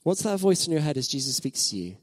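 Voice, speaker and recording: A man's voice: fairly high pitch, very animated, quick pace, no room sound. A man in his thirties preaching a sermon as pastor, reflective, asking his listeners questions and repeating phrases for emphasis.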